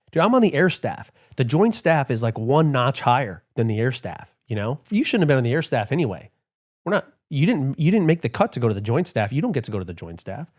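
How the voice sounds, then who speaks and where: A middle-aged man, a retired military officer, telling stories in a casual interview, full of fillers and quick acted-out quotes. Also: mid-range voice. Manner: animated storyteller, many fillers, acts out quotes. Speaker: retired Air Force colonel, podcast guest.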